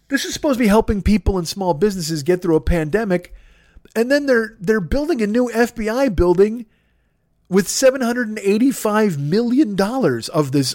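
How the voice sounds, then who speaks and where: High-voiced man in a profane rant. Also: darkish tone, no echo, clean studio sound. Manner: profane, sarcastic, exasperated. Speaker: podcast host. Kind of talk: ranting monologue.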